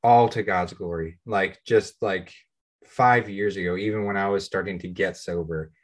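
An American man in his thirties with a somewhat low-pitched voice shares his own story on a podcast. He talks casually and candidly, poking fun at himself along the way. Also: fairly even intonation, normal speed. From United States. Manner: candid, self-deprecating, plain-spoken. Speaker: podcast co-host.

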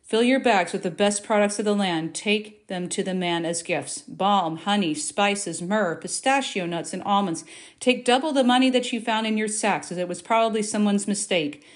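A woman's voice: medium pitch, moderate pace. A woman reading Bible scripture aloud, lifting her voice for the quoted speech. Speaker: Bible reader.

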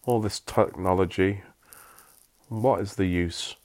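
A man voicing a soft-spoken, chatty middle-aged mother who calls people "love". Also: sits low, steady tone, slow pace, no room sound. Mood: cosy.

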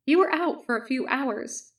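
A woman's voice: sits high, normal speed. Woman reading as a stern formal male medic. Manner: formal, no contractions, lecturing. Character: calm stern male clone army medic.

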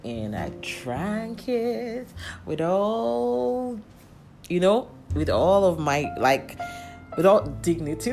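A woman in casual storytelling, candid and lively, with exasperated asides and frequent laughs. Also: low voice.

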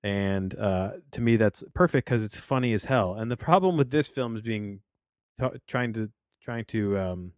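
A man hosts a casual film-review podcast from a home office studio, wandering off into tangents and restarting his sentences. His voice sits a bit low, and the recording is dry and close. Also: moderate pace, no echo. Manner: rambling, full of tangents and restarts.

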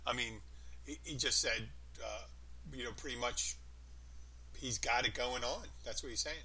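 A man's voice: mid-range voice, normal speed, pushed and bright, husky, poor audio. A man in casual chat, telling rambling stories with lots of emphasis.

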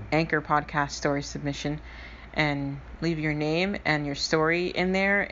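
Female podcast host, deep-pitched, informal solo chat with listeners. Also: fairly bright tone, dull audio, slight background noise. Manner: chatty, informal, trailing fillers.

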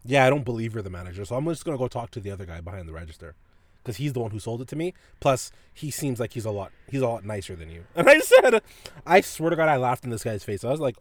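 A man's voice: mid-range voice, big pitch swings, quick pace, no echo. A man hosting a podcast, telling a story in a casual, profane way and laughing often. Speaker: podcast host.

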